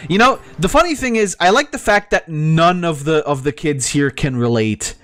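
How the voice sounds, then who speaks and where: A man's voice: fairly high pitch, expressive, moderate pace, fairly bright tone, soft background music. A male streamer reacting to a video, ranting profanely and laughing often.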